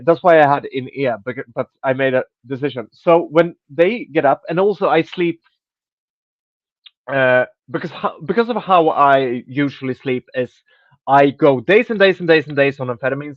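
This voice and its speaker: A man's voice: medium pitch, dry recording. Podcast guy rambling thru a story, keeps restarting, swears casually, kinda muffled lo-fi mic. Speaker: podcast host. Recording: dry, dull lo-fi sound.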